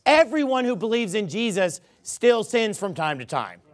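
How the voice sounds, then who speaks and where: A man's voice: high voice, sing-song, normal speed. A man preaching a sermon, emphatic, quizzing the crowd with rhetorical questions.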